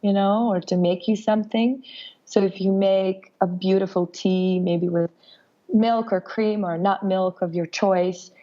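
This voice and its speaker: A young woman with a raspy, hoarse voice from a cold, speaking gently and reflectively as a podcast guest, with many fillers and restarts. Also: medium pitch, steady tone, a little slow, highs cut off. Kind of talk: casual conversation.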